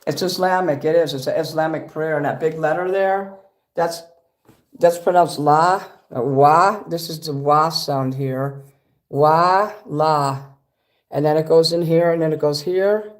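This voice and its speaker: A man's voice: fairly high pitch, moderate pace. Rambling profane man. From Chicago. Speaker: livestream host. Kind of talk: casual livestream chat.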